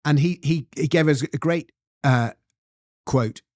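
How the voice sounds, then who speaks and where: A man's voice: on the high side, unhurried, no room sound. English man telling history, dry sound. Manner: animated storyteller, reads quotes aloud. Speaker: guest author. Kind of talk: storytelling history explanation.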